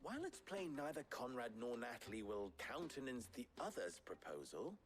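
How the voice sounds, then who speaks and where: A man voicing a thoughtful, lively-toned innkeeper. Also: mid-range voice, moderate pace, faint music behind, lightly acted. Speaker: game character.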